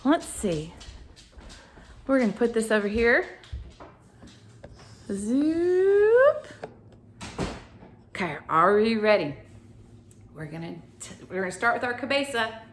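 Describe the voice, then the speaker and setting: A woman leading a children's activity lesson, animated and talking straight to the kids. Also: medium pitch, moderate pace, long pauses, a little hiss or hum. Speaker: children's teacher.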